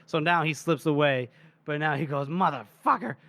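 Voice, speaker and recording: Animated, higher-voiced podcast co-host man. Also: moderate pace, smooth. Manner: animated storytelling, laughing often. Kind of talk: casual book-discussion chat.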